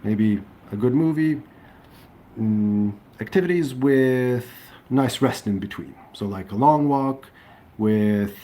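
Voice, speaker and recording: A man's voice: medium pitch, takes it slowly, mellow. A man chatting casually to viewers on a livestream, rambling with fillers and restarts. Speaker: livestream host. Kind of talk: casual live-stream chat. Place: indoors near a railway line. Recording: faint train noise in background. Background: passing train noise.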